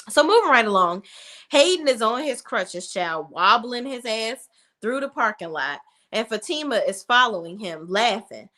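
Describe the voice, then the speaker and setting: Lively, blunt woman recapping a show. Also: on the high side, measured pace. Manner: blunt and outspoken, with casual swearing. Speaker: TV recap reviewer. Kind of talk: casual TV recap commentary.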